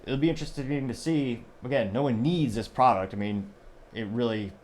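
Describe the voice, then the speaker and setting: Male show host, mid pitch, loose rambling commentary, faint hiss behind. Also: moderate pace, darkish tone. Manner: rambling, self-correcting, reads quotes aloud. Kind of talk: casual news commentary.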